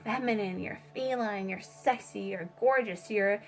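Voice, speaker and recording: A woman tarot reader gives a casual spiritual reading at an unhurried pace, rambling with lots of fillers and swearing freely. Her voice is medium-pitched, and soft music plays in the background.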